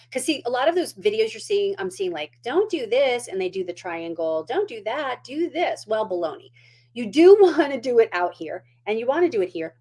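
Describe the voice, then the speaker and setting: A woman's voice: on the high side, darkish tone, slightly rough. A middle-aged woman hosting a casual makeup tutorial at home, chatty and down-to-earth as she demonstrates.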